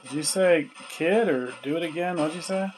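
A man's voice: on the high side, normal speed, very noisy. A man at home running a spirit box session, patiently asking spirits questions and coaxing them to speak up. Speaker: paranormal investigator. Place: at home, indoors.

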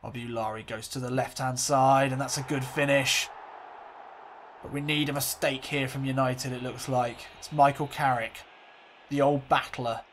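A man hosting a let's play, calling a football game like a commentator, swinging between excitement and glumness. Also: medium pitch, moderate pace, a little hiss or hum.

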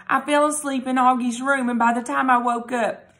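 A woman's voice: high-pitched, fairly even intonation, normal speed, fairly bright tone. A woman reading aloud, voicing a worried, apologetic mother who fusses over her kids. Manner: anxious, fussing.

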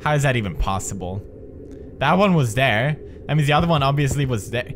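A man doing horror game commentary in a sarcastic, profane running chatter. His voice leaps up when startled and drops low for dry asides. Noisy game ambience sits under him. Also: expressive, brisk. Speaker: gaming video creator.

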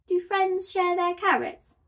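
A woman voicing a big, shy male bear who is scared of everything, speaking in a squeaky, nervous, meek way. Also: a little slow, a bit bright.

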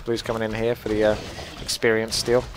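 A young man giving casual, joking gameplay commentary, chatty and quick to laugh. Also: fairly low pitch, completely flat delivery. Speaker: gaming commentator.

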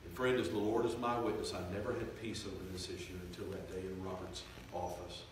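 A man preaching a revival sermon, swelling loud and slow for emphasis, then dropping to quiet, confiding tones. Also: low-pitched, level tone, background noise. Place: church sanctuary. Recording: echoey church from far off.

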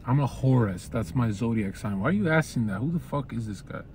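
A man's voice: medium pitch, expressive, fairly quick, a little mellow, slight background noise. A man streaming from a parked car, chatting casually with his viewers in a crude, rambling, joking way.

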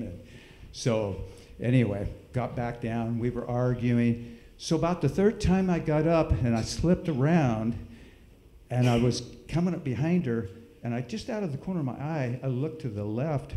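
A middle-aged man telling a folksy, animated story with sound effects during a church service. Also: medium pitch, roomy sound. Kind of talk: storytelling in a sermon. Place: church hall.

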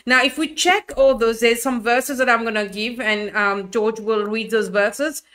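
A woman's voice: fairly high pitch, unhurried, fairly bright tone. A woman leading a Bible study, emphatic and fond of rhetorical questions.

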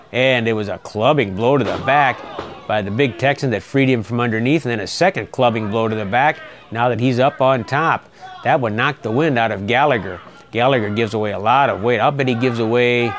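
A middle-aged man giving folksy, excitable play-by-play commentary on a wrestling match. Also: mid-range voice.

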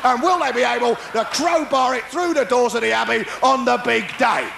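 A man, doing a live stand-up routine, ranting fast and shouting his punchlines. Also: very high-pitched, gravelly, slight background noise. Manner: rapid, ranting, animated delivery with shouted punchlines. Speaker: stand-up comedian. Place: large concert hall with live audience. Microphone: stage microphone. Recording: roomy live hall recording with faint crowd.

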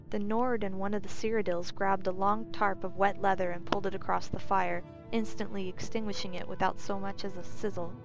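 Woman reading a bedtime story. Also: mid-range voice. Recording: dull lo-fi recording, faint music.

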